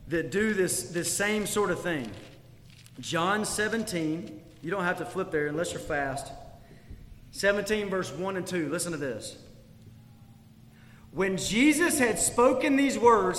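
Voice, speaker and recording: High-pitched guy preaching in a church, lots of rhetorical questions, big echoey hall. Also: expressive, moderate pace, a bit bright. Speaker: pastor. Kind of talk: sermon.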